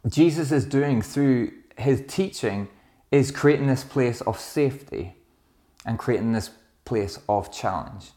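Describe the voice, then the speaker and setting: A man's voice: mid-range voice, darkish tone. A middle-aged man, a pastor, preaching a sermon in a reflective, conversational way, telling stories with small restarts.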